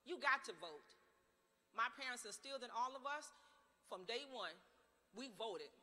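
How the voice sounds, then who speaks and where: A middle-aged woman campaigning from a church pulpit, her voice very bright and cutting. She tells stories and hammers home rhetorical questions with conviction, and her words ring out with a long hall reverb. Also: fairly high pitch, animated, measured pace, pauses often. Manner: impassioned, storytelling, rhetorical questions. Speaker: political candidate. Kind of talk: campaign speech. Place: large church sanctuary.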